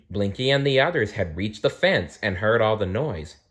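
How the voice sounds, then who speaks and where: A man reading a children's storybook aloud, gently and with small restarts. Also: lowish voice.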